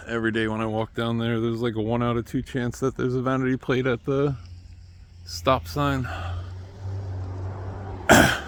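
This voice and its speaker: A man talking in a rambling monologue who trails off quietly, then breaks into sudden loud outbursts. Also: mid-range voice, monotone, unhurried, long pauses, a little hiss or hum.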